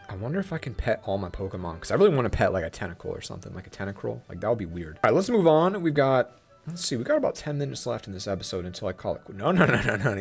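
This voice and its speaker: A young man hosting a gaming channel, giving excited, playful let's-play commentary and talking to the game. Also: fairly low pitch. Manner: hyped, playful, talks to the game.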